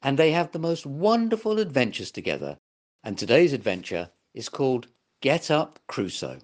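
An older man reading a children's story aloud as host, very expressive. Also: mid-range voice, normal speed. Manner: warm, very expressive read-aloud delivery.

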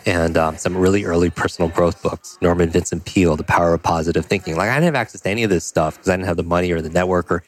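A man telling a personal story as a podcast guest, animated and full of "like" and "you know". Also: low-pitched, racing, few pauses. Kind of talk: storytelling in a conversational interview.

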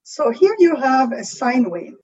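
Breathy French-accented woman explaining. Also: high voice, measured pace, dull audio. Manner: animated explaining, frequent "right?" checks. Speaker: creativity coach. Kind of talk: conversational interview.

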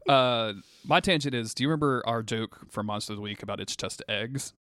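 A man's voice: medium pitch, a little fast, fairly bright tone, clean tone, no echo, studio quality. A man co-hosting a podcast, recapping a TV episode in casual, rambling chat full of fillers and restarts. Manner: rambling, lots of fillers and restarts, bursts of laughter. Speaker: podcast co-host.

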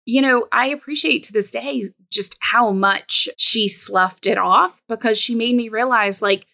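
A woman business coach sharing her story candidly as a podcast guest. Her voice is bright and forward, with a noticeable gravelly fry at the ends of phrases. She reflects openly and fills her pauses with "you know". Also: a little high. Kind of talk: personal storytelling in interview.

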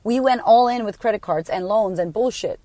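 A woman in her thirties, a life coach, telling her story in a blunt, sweary, animated way. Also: medium pitch, moderate pace, dry recording. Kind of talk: casual storytelling to camera.

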